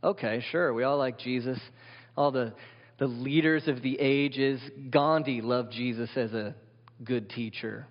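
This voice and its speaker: Emphatic pastor preaching in a reverberant hall. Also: male voice, medium pitch, fairly even intonation, a little slow. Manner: emphatic, asks the congregation many questions. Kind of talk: sermon. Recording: dull sound with long hall reverb.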